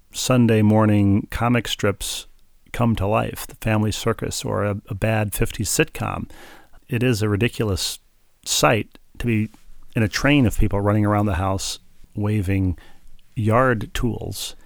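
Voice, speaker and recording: A man's voice: fairly low pitch, gravelly, dry recording. A middle-aged man co-hosting a podcast, telling stories in a dry, wry, casual way. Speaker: podcast co-host. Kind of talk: casual chat.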